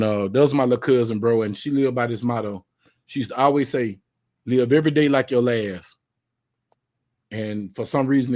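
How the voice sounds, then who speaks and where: Brief: man, easygoing livestream host, slangy and rambling, mid-pitched voice. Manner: laid-back, slangy, filler-heavy talk. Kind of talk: casual live-stream chat.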